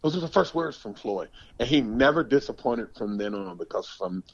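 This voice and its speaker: A man in his sixties from the United States, a former pro football player telling stories in a podcast interview, animated and emphatic, often repeating words. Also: mid-range voice, normal speed, husky, no room sound, lo-fi sound. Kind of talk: storytelling interview.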